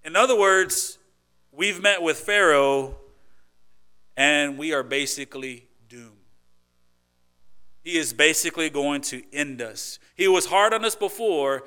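Delivering a sermon in a clean, mid-range voice, a male pastor talks to his congregation as if in conversation. He raises rhetorical questions and alternates loud, emphatic moments with quiet asides.

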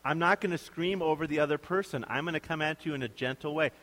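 A man's voice: on the high side, quick pace, fairly bright tone, long reverb tail, low-quality recording. A man preaching a sermon in a conversational, joking way. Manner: conversational, joking, puts on voices to make points.

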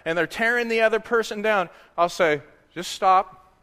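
A man preaching a sermon, sometimes dropping to a soft, hushed voice. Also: high-pitched, fairly quick, clear, resonant tone, in a large hall. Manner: drops to a soft, hushed voice for quiet reflection. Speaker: pastor.

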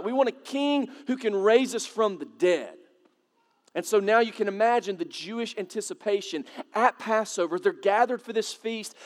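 A high-voiced pastor preaches a sermon to his congregation in a loose, conversational style, asking questions and climbing to dramatic peaks. A long echo from the surrounding hall trails his voice.

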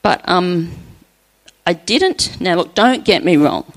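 A middle-aged woman sharing an earnest personal faith testimony at church, chatty and often laughing softly. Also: fairly low pitch, animated, slow, rough recording.

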